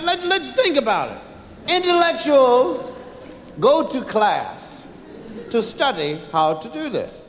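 A man doing stand-up storytelling on stage, drawing out his timing and breaking into loud chants and shouts. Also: sits high, a little hiss or hum. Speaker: stand-up comedian. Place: large hall with a live audience. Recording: echoey hall, live stage recording.

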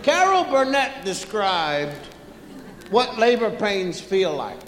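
A man doing stand-up storytelling on stage, drawing out his timing and breaking into loud chants and shouts. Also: sits high, very animated, slow, noisy background. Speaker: stand-up comedian. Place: large hall with a live audience. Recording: echoey hall, live stage recording.

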